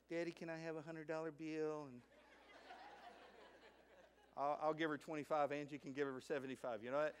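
A middle-aged male pastor preaching a sermon in an animated way, moving from hushed asides to loud, emphatic lines. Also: on the high side, slight background noise. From United States. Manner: acts out a child's voice in stories.

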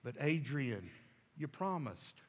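A preacher voicing God speaking to a boy's heart, quiet and gently insistent. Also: high-pitched, unhurried. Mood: gentle.

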